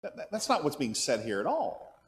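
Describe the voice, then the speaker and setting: Animated man teaching a Bible class. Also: on the high side, a little fast. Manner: animated, asks the class questions and answers them; thinks aloud with frequent restarts. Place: church classroom.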